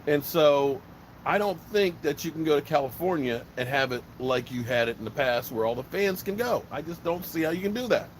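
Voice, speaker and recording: A man's voice: on the high side, lively intonation, a little fast, a little hiss or hum, low-quality recording. A man from Virginia hosting a casual live stream, talking bluntly and rambling, swearing freely. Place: outdoors by a smoker fire.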